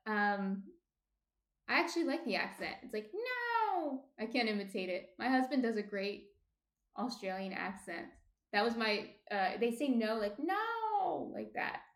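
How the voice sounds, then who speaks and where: In a roomy-sounding home kitchen, a New Jersey woman with a mid-range voice chats casually on her baking livestream. She reads viewer comments aloud, rambling along with plenty of fillers and restarts.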